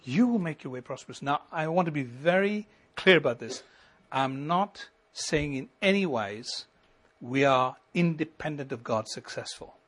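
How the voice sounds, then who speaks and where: A middle-aged man preaches from the pulpit with a husky, slightly breathy voice that sits a little high for a man. His delivery swells into ringing emphasis and then falls back to a hushed, close tone. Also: expressive, normal speed. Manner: preaching with rising emphasis and sudden soft drops. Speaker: pastor. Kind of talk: sermon.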